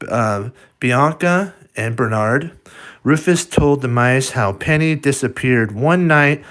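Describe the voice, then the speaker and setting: A man's voice: medium pitch, fairly bright tone. A man reading a picture book aloud, stopping to point at the pictures and talk to the listener, with frequent restarts. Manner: halting, with restarts and asides to the viewer. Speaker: storybook reader.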